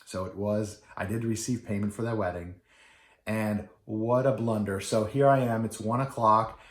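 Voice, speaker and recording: Man, wedding DJ, low voice, casual rambling story, fillers and restarts, echoey room. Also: steady tone, normal speed. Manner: rambling with many fillers and restarts, acting out quoted people.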